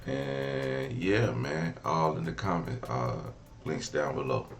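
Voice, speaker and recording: A man hosting his channel, giving shout-outs and sponsor plugs in a hyped, slangy, loose way. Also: rumbling low, takes it slowly, slight background noise. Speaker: channel host.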